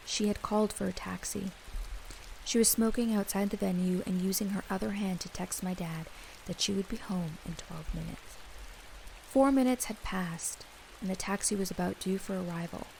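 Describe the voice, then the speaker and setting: Young woman narrator with a gravelly edge, steady read of a creepy story. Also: medium pitch, slight background noise, poor audio. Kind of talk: scripted first-person horror narration.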